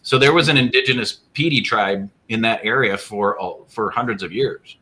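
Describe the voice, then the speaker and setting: A man, a guest paranormal investigator, telling stories in a casual podcast chat with quick asides. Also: on the low side, pushed and bright.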